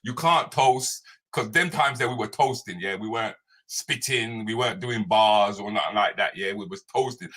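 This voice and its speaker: Man, live show host, lively swinging pitch, bright. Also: moderate pace. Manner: animated, playful, repetitive banter. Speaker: comedian hosting a live morning show. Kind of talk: live morning chat show, reading viewer comments.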